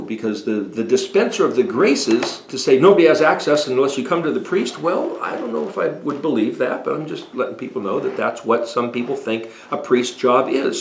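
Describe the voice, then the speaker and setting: A man in his sixties giving a deliberate, emphatic talk explaining Hebrew words as a home Bible teacher. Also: mid-range voice, a little hiss or hum. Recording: echoey room.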